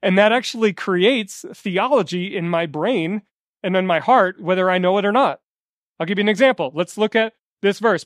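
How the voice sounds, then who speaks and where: A man's voice: high voice, a little fast, no room sound, clean studio sound. A male pastor preaching a sermon in a conversational way, telling stories and asking the congregation questions.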